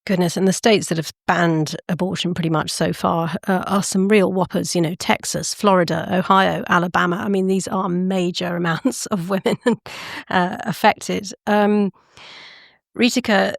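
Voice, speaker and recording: A woman hosting a podcast interview, asking questions in a lively, expressive manner. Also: fairly low pitch, normal speed, creaky, dry recording, studio quality. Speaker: podcast host.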